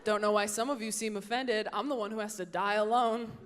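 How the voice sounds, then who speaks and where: A young woman performing a stand-up comedy set on stage, sarcastic and deadpan, slipping into quick mock voices. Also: medium pitch, crowd noise. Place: comedy stage before a live audience. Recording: live show with clear audience noise. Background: audience laughter.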